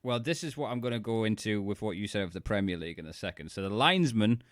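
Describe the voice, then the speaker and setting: A man's voice: fairly low pitch, lively intonation, quick pace, no room sound, studio quality. A man co-hosting a casual podcast chat, blunt and swearing freely. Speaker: podcast co-host.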